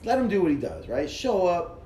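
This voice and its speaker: A man's voice: high-pitched, big pitch swings, fairly quick, warm tone, slight background noise. A man hosting a casual wrestling chat, rambling and laughing often. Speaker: podcast host. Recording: echoey room with faint ambience.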